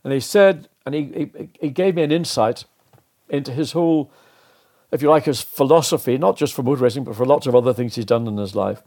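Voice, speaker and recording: Older guy telling racing stories, acts out the back-and-forth, lively. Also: mid-range voice, brisk. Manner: animated, acts out quoted dialogue. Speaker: interview guest, former racing driver. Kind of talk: anecdotal storytelling.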